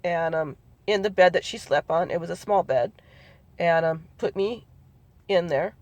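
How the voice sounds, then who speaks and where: A woman's voice: on the low side, measured pace, darkish tone, no echo. A middle-aged woman telling a personal family memory, hesitant and rambling with many ums and restarts, acting out what relatives said. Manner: acts out quoted relatives in her telling. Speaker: family storyteller. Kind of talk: personal recollection.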